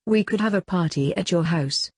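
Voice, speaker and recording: A woman's voice: fairly low pitch, normal speed, a little mellow, slightly rough, no room sound, studio quality. A woman voicing a shy teenage schoolgirl who stammers when flustered. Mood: eager.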